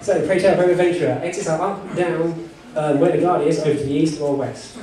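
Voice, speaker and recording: Jokey high-voiced game master. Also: male voice, steady tone, brisk, mellow. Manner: jokey and rambling, full of "you know" asides, laughing often. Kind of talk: improvised narration of a live text-adventure game. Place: convention panel room with an audience. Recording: echoey hall, far from the mic, crowd noise.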